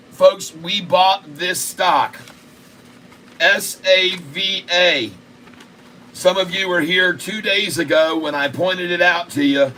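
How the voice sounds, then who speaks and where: A man hosting a live day-trading stream, excitable and repetitive, cracking crude jokes and bursting out loudly. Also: on the high side, slight background noise. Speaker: day-trading livestream host.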